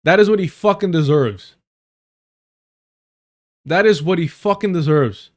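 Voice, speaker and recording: Brief: male stream host, slightly high voice, blunt and profane, repeats himself for emphasis. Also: measured pace. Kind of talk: casual commentary while reacting to clips.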